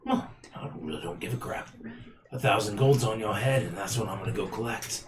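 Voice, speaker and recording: Gruff scornful bounty hunter, as a man puts him on, low voice, echoey. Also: a little fast, noisy background, lightly acted. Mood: cold. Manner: blunt, scornful. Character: gruff male mercenary bounty hunter, contemptuous.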